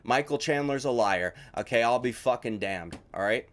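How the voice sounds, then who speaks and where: A man's voice: mid-range voice, animated, normal speed. A man giving heated, profane reaction commentary on a fight interview. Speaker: MMA commentary YouTuber.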